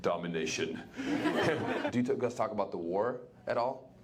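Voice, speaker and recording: A man's voice: lowish voice, lively intonation, unhurried, a loud crowd. A man doing stand-up, teasing the audience with a brash, laughing delivery, speaking. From Germany. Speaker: stand-up comedian. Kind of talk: stand-up crowd work. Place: comedy club stage.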